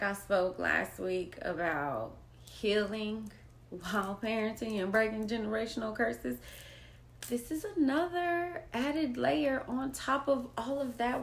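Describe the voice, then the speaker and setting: Slow, emphatic woman vlogging. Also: on the high side. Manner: slow, emphatic, repeats phrases for weight. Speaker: mother sharing personal experience. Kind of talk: personal vlog monologue.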